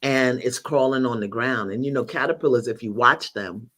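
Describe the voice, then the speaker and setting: A woman's voice: a bass voice, normal speed, fairly bright tone. An older woman, a guest teacher in a spiritual conversation, telling stories expressively, acting out bits of dialogue and laughing often.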